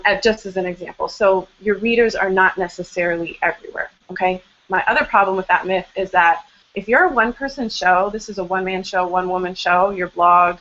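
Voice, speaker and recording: A woman's voice: medium pitch, a bit bright. An American woman hosts a live online Q&A in a loose, chatty way, poking fun at herself as she goes. Her voice sits in an ordinary middle register. It comes through a home video call with dull, lo-fi sound. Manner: chatty, informal, self-deprecating. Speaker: host of a blogging Q&A webinar. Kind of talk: casual live webinar talk. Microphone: webcam on a video call, later a headset.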